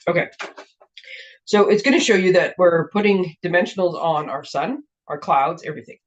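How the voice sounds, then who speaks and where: A slightly hoarse woman hosting a casual card-making demonstration, chatty and rambling, often breaking off mid-sentence. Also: lowish voice, moderate pace. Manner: chatty, rambling, self-interrupting. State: slightly hoarse, clearing her throat. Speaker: craft demonstrator and show host. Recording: dull lo-fi recording.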